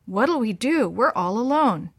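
A woman reading aloud and voicing a scared, tearful young girl who pleads and protests in a higher voice. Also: lively intonation, measured pace, slightly rough, no echo, studio quality, heavily acted. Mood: frightened.

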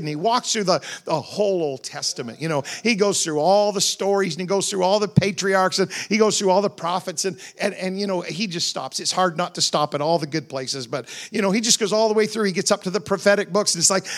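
A man's voice: high voice, fairly quick, few pauses. A man preaching a sermon, retelling scripture as a story in a conversational way with humorous asides. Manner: dramatic retelling of scripture scenes. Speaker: pastor.

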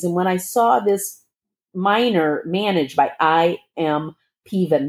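A middle-aged woman telling her own story as a guest, animated and acting out the dialogue with big leaps in pitch. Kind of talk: personal storytelling.

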